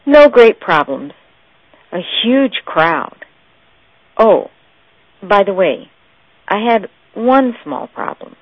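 A woman's voice: medium pitch, very animated, takes it slowly, long pauses, no room sound, voice pushed up. A woman telling a joke in a sermon, voicing a flustered young male associate priest. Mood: sheepish. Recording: tinny, phone-like dry audio.

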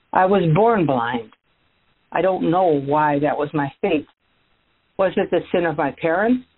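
An earnest beggar, once blind, speaks straight to the listener with gratitude, a woman acting him out. The voice sits low and husky. The sound is thin and tinny, like a phone line. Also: exaggerated voice. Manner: earnest storytelling, addresses listeners directly. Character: formerly blind male beggar, earnest and grateful. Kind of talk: first-person dramatic monologue.

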